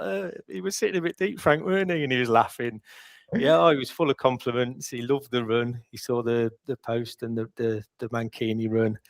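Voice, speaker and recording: A man's voice: mid-range voice, steady tone, a little fast, creaky. A man co-hosting a football podcast, telling stories in a rambling, self-deprecating way. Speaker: podcast co-host. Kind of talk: casual chat.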